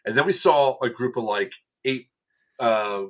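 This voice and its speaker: A man on event staff tells the story of a game during a casual podcast chat, his voice medium-pitched and his pace measured. He brings it to life by acting out what people said, breaking into laughs.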